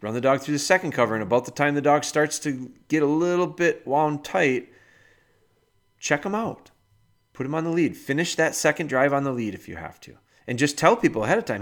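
A man's voice: medium pitch, fairly quick. Man casually giving dog-training advice. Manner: explains with homely analogies, addresses the listener directly. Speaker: podcast host and dog trainer.

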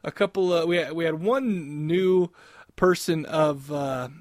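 A man chatting casually on a podcast, rambling and laughing at his own crude jokes. His voice sits a little high. The mic is close and the sound is dry. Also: unhurried, no room sound. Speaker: podcast co-host. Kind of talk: casual chat.

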